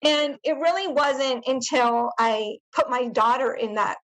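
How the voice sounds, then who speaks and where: A middle-aged woman, a podcast guest, recounting a painful personal memory in a halting way, with many fillers and restarts. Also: high voice, steady tone, fairly bright tone, low-quality recording. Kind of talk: personal testimony in interview.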